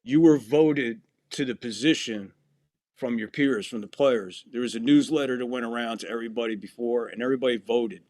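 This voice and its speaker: A fairly quick, mid-range male voice hosts a podcast in a dry, studio-quality recording. He tells stories casually, swearing a lot and acting out quotes with energy.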